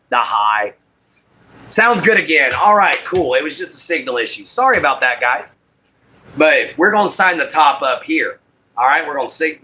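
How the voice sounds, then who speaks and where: Here a man with a drawl runs a casual crafting livestream, saying hello to viewers by name one after another. His bright, forward voice sits slightly high, and he chats with ease, apologizing repeatedly whenever his audio fails.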